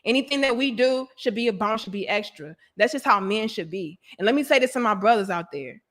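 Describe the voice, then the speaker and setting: A woman's voice: a little high, animated, a little fast, fairly bright tone. A woman in her thirties hosting a live online talk show, preaching bluntly and emphatically straight to her viewers. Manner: preachy and emphatic, addresses viewers directly as sis and brothers. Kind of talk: blunt live-stream commentary.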